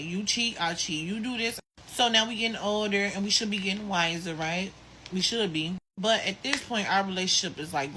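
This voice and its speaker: Bright-voiced blunt woman venting. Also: mid-range voice, a little hiss or hum, poor audio. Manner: blunt and slangy, casual cursing. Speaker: storyteller venting about a relationship. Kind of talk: venting storytime. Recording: faint room ambience.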